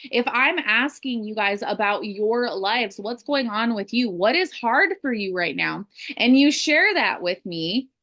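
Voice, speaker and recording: A woman leading a book club discussion in casual chat, animated and acting out quoted voices. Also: on the high side, a little slow. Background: children crying in background.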